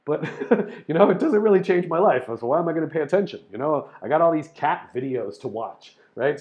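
A man's voice: a little high, a little mellow, lo-fi sound. Rambling man explaining casually. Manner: rambling, spells out words, frequent fillers and restarts. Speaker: host explaining topics to listeners.

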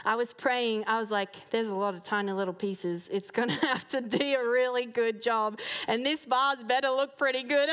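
A woman with a mid-range voice gives a heartfelt personal faith testimony to a church gathering, speaking earnestly and sincerely and letting out soft laughs now and then.

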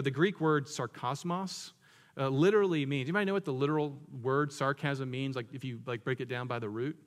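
A man's voice: medium pitch, long reverb tail. A man preaching a sermon in a conversational, joking way, asking his listeners questions. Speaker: pastor.

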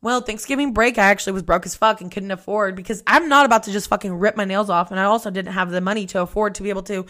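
A young adult woman hosting a podcast, telling a personal story in a candid, profane, animated way. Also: medium pitch, quick pace, hardly any pauses. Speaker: podcast host.

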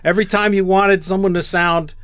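An older man, a voice actor, talks shop in a relaxed podcast chat. His voice sits a bit high for a man, and the sound is dry and close. He tells stories and slips into quick character impressions. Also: smooth, no room sound. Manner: storytelling, drifts into quick impressions. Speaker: guest voice actor.

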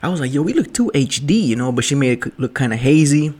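A man's voice: mid-range voice, animated, fast, a little mellow. Profane, rambling young man with slang. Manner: rambling, profane, joking slang with 'yo' and 'bruh'. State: drinking at night. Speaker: vlogger. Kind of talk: casual late-night storytelling.

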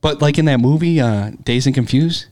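A man in his thirties chatting casually with friends, telling stories with animated quoting. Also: medium pitch, brisk, no echo. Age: 30s. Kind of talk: casual chat.

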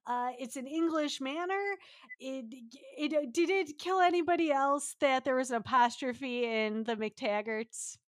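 Brief: young woman, jokey recap cohost, dry intimate mic, a bit high. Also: no room sound. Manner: playful, jokey, quick asides. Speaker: podcast cohost. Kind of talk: casual recap chat.

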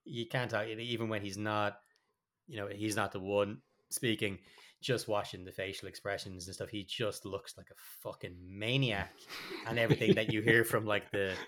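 A man's voice: lowish voice, fairly bright tone. A man, co-hosting a podcast in casual chat, rambling and swearing freely with many restarts. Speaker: podcast co-host.

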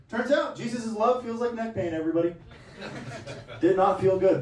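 A man's voice: expressive, normal speed, reverberant, far from the mic, rough recording. A man doing a stand-up comedy set, brash and crude in his delivery. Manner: brash, crude, loud swings in pitch.

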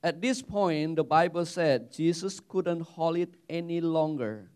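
A man preaching a sermon as pastor, animated, repeating words and restarting his phrases. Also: fairly high pitch, measured pace, clean tone.

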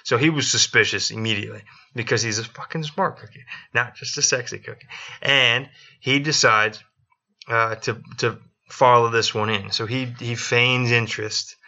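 A man spins a history tale on a casual podcast, cursing freely and slipping into the voices of the people he quotes. His tone is very bright and forceful. The recording sounds dull and lo-fi. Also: medium pitch, steady tone, moderate pace. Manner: profane, joking, acts out quotes. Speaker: podcast co-host.

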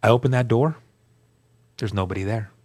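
A man's voice: fairly low pitch, fairly quick. Earnest man telling his testimony. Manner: earnest, emphatic, drops to a hushed tone at key moments. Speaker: guest. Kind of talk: personal testimony storytelling.

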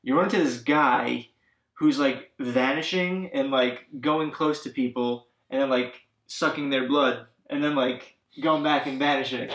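A man's voice: medium pitch, fairly even intonation, unhurried, fairly bright tone. Rambling man chatting in an echoey room. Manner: rambling, many fillers, acts out characters' lines. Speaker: podcast co-host recapping a video game. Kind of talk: casual chat.

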